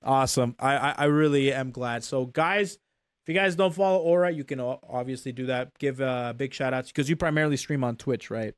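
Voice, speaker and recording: A man's voice: mid-range voice, fairly quick, clean tone, dry recording. A young man hosting a casual streamed talk show, laughing often and repeating his words.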